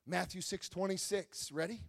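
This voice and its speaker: A male pastor from Wisconsin, preaching a sermon that swings between quiet teaching and loud, shouted exhortation. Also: sits high, moderate pace, creaky.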